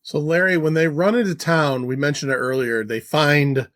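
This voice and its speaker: Male podcast co-host, slightly high pitch, casual questioner. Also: moderate pace. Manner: questioning, relaxed, occasional swearing. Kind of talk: casual film discussion.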